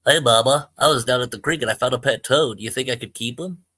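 A man's voice: medium pitch, fast, pushed and bright, breathy edge. A man voicing a simple, eager young boy pleading with his mother.

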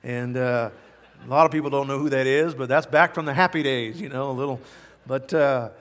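A man's voice: mid-range voice, brisk, a bit bright, in a large hall. A middle-aged man preaching a sermon as pastor, emphatic and folksy, repeating key words for effect and telling personal stories.

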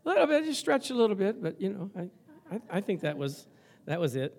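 An older male pastor delivering a sermon with a slightly high voice. He tells stories to the congregation in a lively, conversational and humorous way. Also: fast, gravelly.

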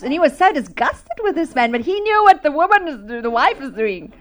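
A woman preaches a testimony sermon at church in a high-pitched, sing-song voice, speaking fairly quickly with few pauses. She recounts her own faith story and performs the different voices within it.

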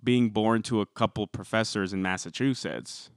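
A man's voice: lowish voice, smooth, dry recording, clean studio sound. A man hosting a podcast, chatting casually and teasing his co-host with jokes. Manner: jokey, teasing, quick to laugh. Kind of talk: casual chat.

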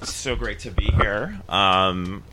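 A man author introducing his story at a live reading, halting with many fillers. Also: lowish voice, sharp tone, slight background noise. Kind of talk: casual remarks before a reading.

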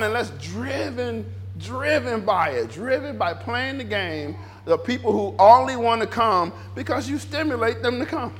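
A man preaching in a church with a high, lively voice that swings widely in pitch. He talks in an animated way, stacks repeated phrases and acts out back-and-forth dialogue in character. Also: measured pace, hardly any pauses. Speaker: pastor. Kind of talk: sermon.

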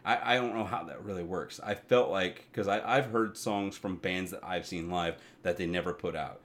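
A man's voice: sits low, normal speed, a bit bright. A man co-hosting a casual podcast, rambling about gaming news with lots of fillers and restarts. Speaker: podcast co-host.

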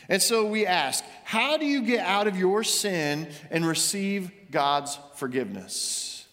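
A male pastor delivering a sermon, rising to emphatic questions and dropping soft and low for confession. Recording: long reverb of a large hall.

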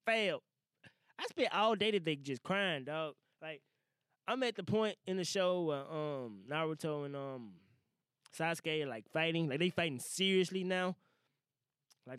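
A man's voice: a little high, fairly bright tone, no room sound. A young man hosting his own podcast in a small studio, talking loosely and animatedly with lots of slang and swearing. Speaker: podcast host. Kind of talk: casual podcast monologue.

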